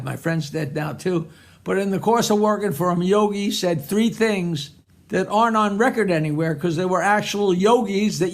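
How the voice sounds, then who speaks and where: A man's voice: sits high, a bit bright. A man, a stand-up comedian, telling jokes in a recorded message and laughing at his own punchlines.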